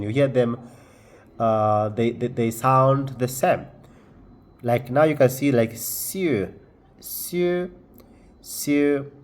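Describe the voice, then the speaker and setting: A man teaching a French lesson in a casual way, talking slowly, repeating words and restarting often with fillers. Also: mid-range voice, darkish tone. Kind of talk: casual screen-share lesson.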